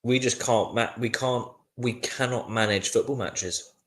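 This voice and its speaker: A man's voice: mid-range voice, measured pace, a bit bright. A man hosting a casual live match watchalong, tired and frustrated, chatting with viewers. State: sleepy, yawning. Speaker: watchalong host.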